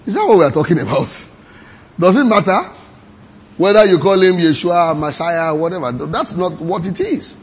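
A man preaching a sermon, reading scripture aloud slowly and quizzing his congregation with repeated questions. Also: high voice, animated, husky.

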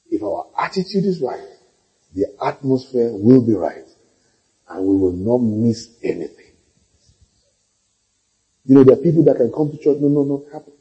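A man's voice: medium pitch, breathy edge, highs cut off. A male pastor preaching a sermon, telling stories and calling for amens. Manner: storytelling, animated, calls for amens.

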